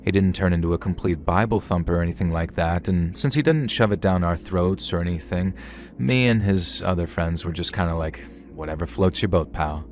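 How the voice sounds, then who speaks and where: Deep-voiced man narrating horror. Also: a little hiss or hum. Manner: measured, conversational storytelling with slang. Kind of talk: scripted first-person horror narration. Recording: faint music underneath.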